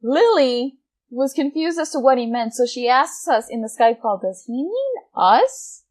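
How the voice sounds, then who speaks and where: A young woman in her twenties with a slightly high voice tells a gaming story in a loose, animated way. She swears casually and often breaks into laughter as she goes. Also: normal speed. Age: 20s. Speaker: gaming vlogger.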